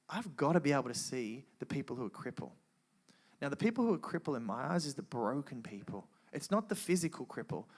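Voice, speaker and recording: Earnest man giving an emotional testimony. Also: a little high. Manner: earnest, animated storytelling with frequent restarts. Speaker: guest speaker sharing testimony. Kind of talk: emotional personal testimony to a live audience.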